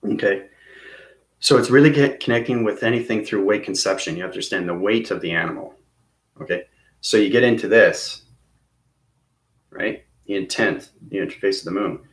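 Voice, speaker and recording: With a fairly low pitch, this spiritual teacher speaks briskly yet leaves long pauses, and the sound is reverberant. His casual, rambling lesson is peppered with check-ins like "okay?" and "right?".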